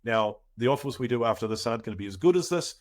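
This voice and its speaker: A man's voice: medium pitch, animated, fast talker. A man hosting a property webinar, chatty and promotional, with many filler words, on a video call. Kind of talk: casual webinar pitch.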